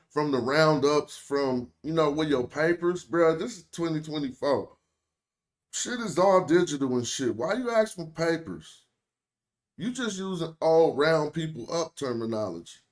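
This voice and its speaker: A man's voice: on the high side, animated, unhurried. A young American man with an African American accent, streaming casual, joking commentary in loose slang. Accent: African American English. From United States. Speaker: streamer host.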